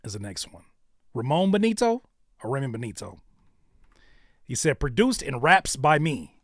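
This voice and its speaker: A man with a medium-pitched voice reviews music submissions on his livestream, joking, cursing casually and repeating lines for effect. The recording is dry and of studio quality.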